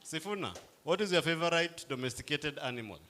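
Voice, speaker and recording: A man's voice: a little high, animated, fairly quick, sharp tone. A man, playfully coaxing a crowd as he leads a group icebreaker game at a live event. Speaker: workshop facilitator.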